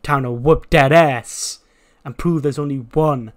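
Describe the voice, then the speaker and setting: A man voicing a cocky male wrestler who brags loudly and talks trash. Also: a little high, unhurried, natural voice. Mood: swaggering. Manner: swaggering, loud bragging.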